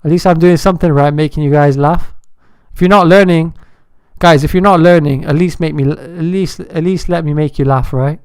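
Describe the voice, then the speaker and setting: A man hosting a day-trading livestream, chatting and joking with viewers in an animated way. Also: fairly high pitch, normal speed, smooth, no room sound, clean studio sound. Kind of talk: casual live-stream commentary.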